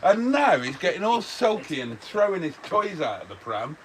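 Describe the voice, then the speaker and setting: A man's voice: high-pitched, moderate pace, distant mic, slight background noise, poor audio. A British man ribbing his friend in casual livestream banter in a caravan. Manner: mocking, lively. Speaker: livestream guest.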